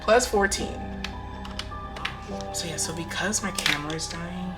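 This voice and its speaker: A woman's voice: deep voice, slow pace. A woman vlogger telling a rambling, casual storytime while budgeting, full of filler words. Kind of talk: chatty storytime vlog. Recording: music playing behind.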